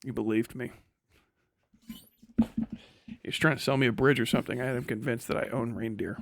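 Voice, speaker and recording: A man's voice: mid-range voice, fairly even intonation, fairly quick, slight background noise. A man from Wisconsin, ranting bluntly and swearing as a live streamer. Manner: blunt, sweary, laughs mid-sentence. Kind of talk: casual profane rant reacting to a video.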